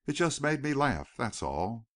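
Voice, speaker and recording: A man's voice: medium pitch, very animated, measured pace, no room sound, clean studio sound, pitched above the performer's own voice. A male narrator voicing an earnest, wistful young veteran turned rancher in an audiobook.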